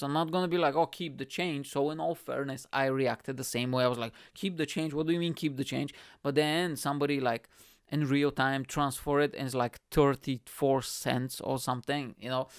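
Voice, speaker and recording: A male podcast host retells a reality show in a loose, profane monologue full of exaggerated reactions. His voice is smooth and clear at a middle pitch. The recording is dry and close. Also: dry recording. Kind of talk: casual storytelling monologue.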